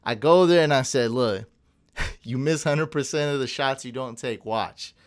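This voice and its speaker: A young man co-hosting a podcast, chatting casually and telling an animated story full of tangents and laughs. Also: mid-range voice, unhurried, smooth. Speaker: podcast co-host. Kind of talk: casual chat.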